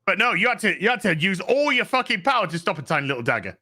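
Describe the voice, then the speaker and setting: Man, podcast host, sarcastic profane rant, fairly high voice, tense and forceful. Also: big pitch swings, fast. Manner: profane, sarcastic, exasperated, acts out characters' lines. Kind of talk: casual review rant.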